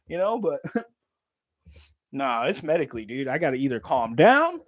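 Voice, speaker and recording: A man's voice: on the high side, wildly swooping pitch, measured pace, pauses often, husky, no room sound, studio quality. A man in his thirties chatting casually on a livestream, laughing often, swearing freely and talking straight to his viewers. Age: 30s.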